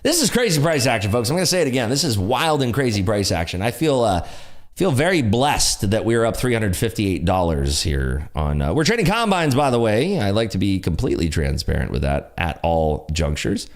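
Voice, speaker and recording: A man hosting a live day trading stream, excitably calling market moves and chatting with viewers. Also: lowish voice, brisk. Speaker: day trading livestream host.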